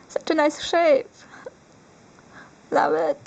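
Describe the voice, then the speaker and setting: A young woman, not a native English speaker, unboxing collectibles on camera, excitable and giggly, squealing with joy now and then. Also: high voice, slow pace, creaky, slightly rough, lo-fi sound. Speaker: vlogger. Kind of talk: unboxing vlog.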